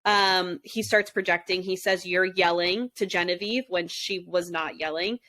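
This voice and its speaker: A woman's voice: fairly low pitch, fairly even intonation, moderate pace, pushed and bright. Emphatic woman podcast host, swearing freely. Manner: emphatic, swears, acts out quotes. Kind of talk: casual chat.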